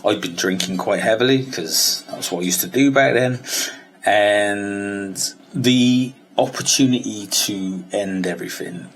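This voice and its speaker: A British diet vlogger and coach tells a personal story on his vlog, blunt, rambling and swearing often. His voice is lowish and a little slow, recorded on a handheld vlogging camera with slight hiss or hum.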